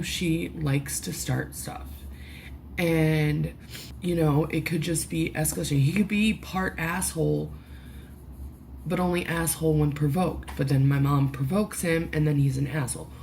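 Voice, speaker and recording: A woman vlogging, close to tears, talking haltingly with many restarts and swear words, through a headphone mic at home. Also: sits low, gravelly, darkish tone, a little hiss or hum. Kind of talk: emotional personal vlog.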